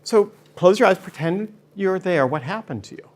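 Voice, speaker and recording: A man's voice: high-pitched, normal speed. A man speaking as a guest before a studio audience, telling stories with energy and acting out the people in them. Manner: energetic, acts out voices when telling stories. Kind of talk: animated storytelling talk.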